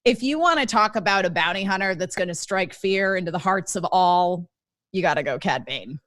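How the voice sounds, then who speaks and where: A woman co-hosting a casual chat, enthusiastic and quick to laugh. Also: lowish voice, lively intonation, a bit bright, dry recording, clean studio sound. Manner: enthusiastic, giggly. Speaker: co-host.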